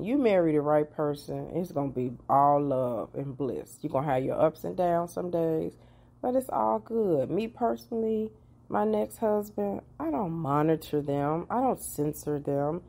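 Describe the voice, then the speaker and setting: Giving casual, personal advice with lively asides to the viewer, this woman in her forties works as a therapist and life coach. Her voice is deep, and her manner chatty.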